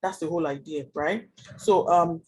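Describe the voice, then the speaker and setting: A man teaching a Scrum class online, explaining fast and chatty with many fillers. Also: a little high, darkish tone, breathy edge, rough recording. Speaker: Scrum trainer.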